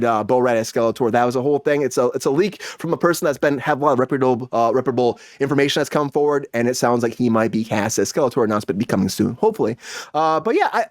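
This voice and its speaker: A man hosting a casual pop-culture podcast, ranting excitedly and swearing constantly. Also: medium pitch, no echo, clean studio sound. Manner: excitable, profanity-heavy ranting. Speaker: podcast host.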